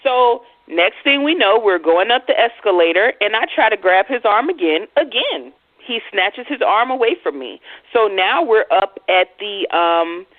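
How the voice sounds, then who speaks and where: A woman host telling a personal story in a blunt, profane, animated way on a casual radio chat. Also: mid-range voice, moderate pace, hardly any pauses, no echo. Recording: tinny phone-like, dry sound.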